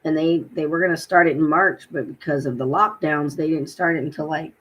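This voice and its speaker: Woman, casual vlogger, slightly husky, lively storyteller who acts out both sides of a call. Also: low voice, brisk. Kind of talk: casual personal vlog.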